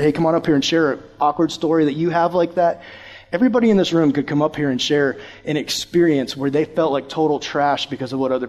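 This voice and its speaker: Young male youth pastor, lively storytelling sermon voice, a touch higher-pitched. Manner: animated, acts out voices from his story.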